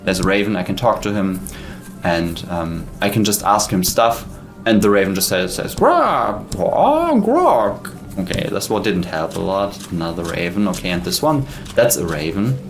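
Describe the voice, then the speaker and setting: A man with a fairly low voice talks casually over footage of his own game, rambling with plenty of fillers and restarts. He sounds keen on what he shows, and faint music plays underneath. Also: normal speed. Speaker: indie game developer showing his game. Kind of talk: casual gameplay commentary.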